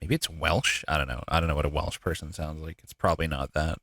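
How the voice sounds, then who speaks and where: A man's voice: very deep voice, fairly even intonation, fast talker, a bit bright, no echo. A man streaming a game live, thinking aloud with casual swearing and frequent laughs. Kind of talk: live gameplay commentary.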